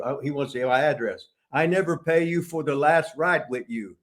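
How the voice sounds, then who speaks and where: An older man with a slightly high voice, chatting on a podcast. He tells stories in a gruff, joking way and reads his messages out loud. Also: normal speed, few pauses. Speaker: podcast host and former wrestler. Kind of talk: casual podcast chat.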